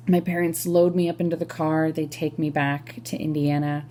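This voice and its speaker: Warm, conversational woman telling a story. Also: sits low, completely flat delivery, slight background noise. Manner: chatty, peppered with "like", quick self-corrections. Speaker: solo performer. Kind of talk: confessional comic storytelling.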